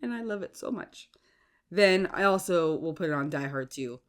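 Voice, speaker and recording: A woman's voice: on the low side, animated, normal speed. A woman hosting a casual solo podcast while sick with a cough and sore throat, chatty and stumbling over her words. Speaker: podcast host.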